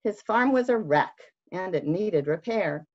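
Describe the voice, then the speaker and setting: A woman children's librarian reading a picture book aloud in an expressive, sing-song way. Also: lowish voice, a little slow. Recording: dull lo-fi recording.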